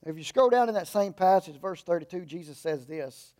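A man with a high voice preaching in a relaxed, folksy way, stopping for humorous asides. He stresses points in raised bursts, then drops into low, quiet remarks. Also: fairly quick. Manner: shifts between emphatic raised lines and low asides. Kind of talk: conversational sermon.

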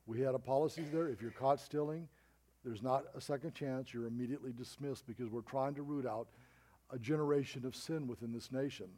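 A man's voice: medium pitch, brisk, warm tone. A middle-aged man preaching a sermon as pastor, telling a story with emphatic rises and drops.

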